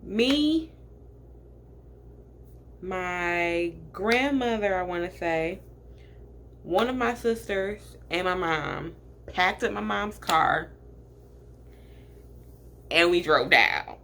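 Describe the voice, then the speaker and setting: A woman's voice: lowish voice, drawn-out words, pauses often, a bit bright, slight background noise. A woman in her late twenties from Michigan, telling a personal story to her viewers in a chatty, filler-heavy way. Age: late 20s. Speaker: vlogger. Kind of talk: storytime vlog.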